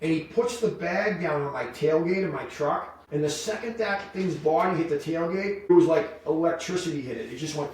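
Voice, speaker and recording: A middle-aged man, telling lively stories on a podcast and acting out the voices of the people in them. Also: a little high, fairly quick, few pauses. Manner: animated storyteller, acts out quoted voices. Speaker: podcast guest. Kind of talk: storytelling in casual chat. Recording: echoey room, distant mic, faint noise.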